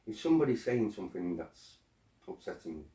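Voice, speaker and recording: Guy telling stories on a podcast, low dark voice, sounds far off in a roomy space. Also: brisk. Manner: animated storytelling, acting out quoted arguments, swears. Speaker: guest. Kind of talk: casual podcast conversation.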